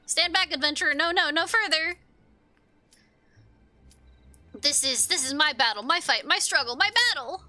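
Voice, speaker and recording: A woman's voice: high voice, a little fast, sharp tone, dry recording, pitched above the performer's own voice. A woman voicing a fussy, boastful little male foreman who piles up synonyms as he talks. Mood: pompous. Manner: repeats himself in breathless strings of synonyms.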